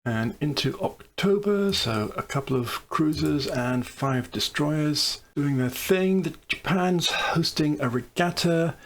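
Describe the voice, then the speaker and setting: A man giving casual commentary on a strategy game he is playing, thinking aloud over each choice with dry, wry asides. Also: a little high. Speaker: let's play commentator.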